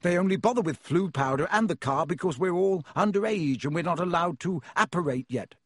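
A man voicing an excitable young teen wizard boy who talks in eager, urgent bursts. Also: sits high, brisk, breathy edge, dry recording, studio quality, exaggerated voice. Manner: eager, urgent, breathless chatter.

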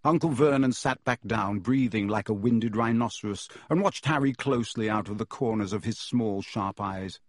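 A man reading an audiobook in measured storytelling narration, close to the mic. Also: on the low side, no echo.

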